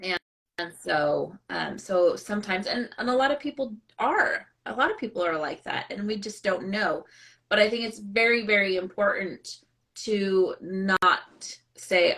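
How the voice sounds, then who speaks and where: A woman co-hosting a casual live-stream chat, reflective and quick to laugh. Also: mid-range voice, lively intonation, vocal fry. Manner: warm, reflective, laughs often. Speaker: co-host.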